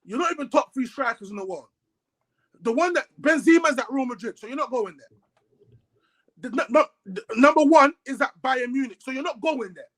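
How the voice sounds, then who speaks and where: A man's voice: very high voice, normal speed, rough recording. A man ranting about football in a heated casual chat, repeating himself as he vents. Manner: animated, ranting, repeats words, London slang. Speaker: co-host.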